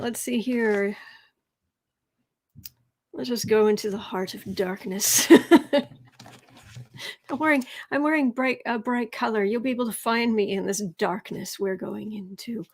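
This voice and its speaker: Woman, Southern accent, livestream host, chatty, sarcastic, slightly high voice, murmurs at times. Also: unhurried, pauses often. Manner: chatty, sarcastic asides, drops to soft murmurs while shuffling. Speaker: tarot reader and livestream host. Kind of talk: casual livestream chat reading viewer comments.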